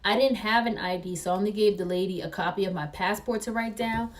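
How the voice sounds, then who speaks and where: Casting: young woman vlogger, animated storyteller, mid-pitched voice, set a little back from the mic. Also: quick pace, distant mic. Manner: excitable, acts out quoted voices.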